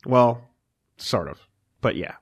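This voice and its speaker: A man's voice: mid-range voice, expressive, takes it slowly, husky. A young man co-hosting a podcast in casual chat, rambling with many fillers and restarts, swearing freely. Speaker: podcast co-host.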